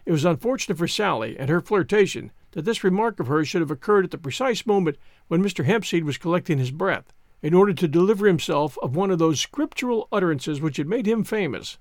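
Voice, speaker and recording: Expressive male audiobook narrator. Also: high-pitched, a little fast, dry recording, clean studio sound. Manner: expressive, storytelling delivery. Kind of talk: scripted narration of a classic novel.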